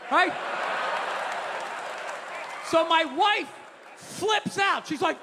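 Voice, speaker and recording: A man's voice: extremely high pitch, animated, fairly quick, pushed and bright, big-room sound. A man doing a stand-up comedy set, telling profane stories in a brash, ranting way. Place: comedy stage before an audience.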